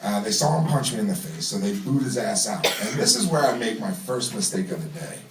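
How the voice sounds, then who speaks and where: A man's voice: mid-range voice, lively intonation, a little fast, crowd noise. A man from New telling a true story in front of a live audience, casual and profane, laughing as he talks. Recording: roomy venue mic from a distance.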